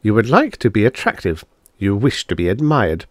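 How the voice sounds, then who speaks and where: A man voicing a suave, smooth-talking male devil-like alien who speaks patiently and coldly, in a storybook reading. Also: fairly low pitch, huge pitch swings, moderate pace, no echo, studio quality.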